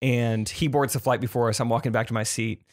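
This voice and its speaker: A man co-hosting a podcast, telling stories in a casual, animated way and teasing his friends. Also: medium pitch, a little fast. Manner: animated storyteller, acts out quotes, teasing. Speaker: podcast co-host. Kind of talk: casual chat. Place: podcast studio.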